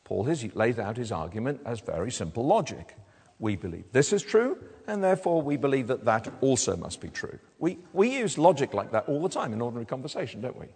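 Preacher with an airy voice in a reverberant church. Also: male voice, mid-range voice, sing-song, brisk, darkish tone, husky. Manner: conversational, asks the congregation tag questions; restarts and stammers on words. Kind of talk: sermon. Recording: long hall reverb.

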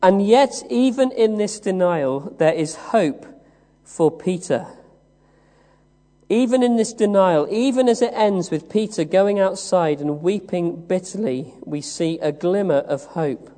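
A man from the West Country of England preaching a sermon, telling the story slowly with many "uh" pauses. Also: sits high, dark tone. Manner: measured storytelling with frequent "uh" pauses. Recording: long reverb of a large hall.

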